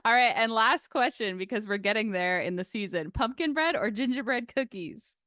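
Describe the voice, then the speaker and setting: A woman hosting a casual livestream chat, bubbly and quick to laugh. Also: a little high, expressive, sharp tone, no room sound, studio quality. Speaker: stream host.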